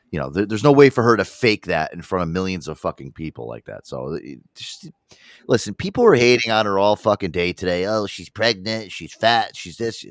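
A man hosting a casual podcast, talking in a profane, excitable way. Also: low voice, no echo, clean studio sound. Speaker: show host.

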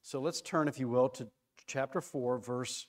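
A man leading an informal Bible study, talking excitedly, restarting phrases and stressing key words. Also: medium pitch, moderate pace.

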